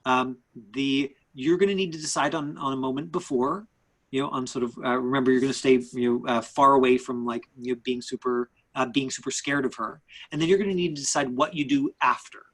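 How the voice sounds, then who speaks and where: Husky-voiced male acting coach, halting. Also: medium pitch, fairly even intonation, fairly bright tone, low-quality recording. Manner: halting, many fillers and restarts. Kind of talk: live online acting class.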